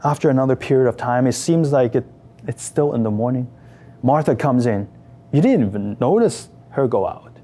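A man's voice: medium pitch, expressive, moderate pace, warm tone. A man leading a guided imaginative meditation, telling the story emotively in the second person. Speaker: prayer leader.

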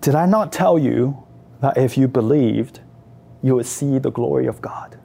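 A man giving voice to a gentle, commanding teacher. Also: medium pitch, unhurried, vocal fry, breathy edge.

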